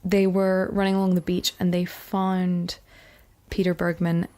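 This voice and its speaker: A woman's voice: on the low side, completely flat delivery, a little slow, warm tone. A woman from Ireland, co-hosting a podcast and retelling a true mystery case in a rambling, chatty way full of fillers and restarts. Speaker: podcast co-host.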